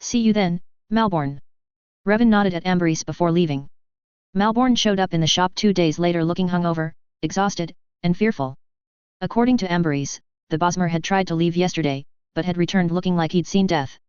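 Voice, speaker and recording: A woman reading a fan fiction story aloud in a plain, steady way. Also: fairly low pitch, fairly quick, clear, resonant tone, dry recording, highs cut off.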